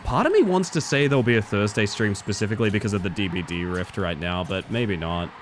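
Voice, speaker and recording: A man's voice: on the low side, animated, fast talker, slight background noise. An Australian man chatting casually with his viewers while he plays a game, muttering to himself and breaking into sudden exclamations. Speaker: streamer. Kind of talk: casual live-stream chat while gaming.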